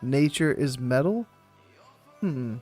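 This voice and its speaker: A man's voice: mid-range voice, animated, slow pace, a little mellow, soft background music. A man streaming a game and chatting casually, rambling and laid-back, swearing freely and laughing often. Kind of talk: casual chat while gaming.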